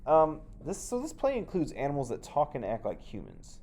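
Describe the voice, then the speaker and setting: A man's voice: medium pitch, huge pitch swings, a little fast, gravelly, mellow. A man teaching a class, reading a play aloud and thinking aloud about the text.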